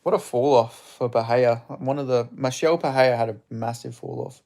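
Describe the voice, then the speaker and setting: A young man talks through a live fight on stream in a casual, off-the-cuff way. His voice has a gravelly, creaky edge at a middling pitch. He reacts to the action, answers his viewers and swears without holding back. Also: normal speed, darkish tone. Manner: chatty, reacting to strikes, reading viewer chat aloud; blunt, swears freely. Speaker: streamer hosting a live fight watch-along.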